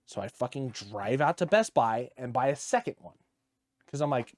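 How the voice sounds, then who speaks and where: A man co-hosting a gaming podcast, telling a story in an animated, profane rant. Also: mid-range voice, normal speed, no echo. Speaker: podcast co-host. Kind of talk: casual podcast chat.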